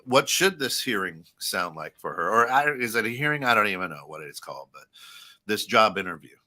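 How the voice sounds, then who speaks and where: A man co-hosting a talk radio show. His lowish voice is bright and lively, leaping up and down as he rambles through his thoughts in a loose, conversational way. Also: a little fast. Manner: rambling, animated, thinks aloud. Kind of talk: casual talk-radio chat.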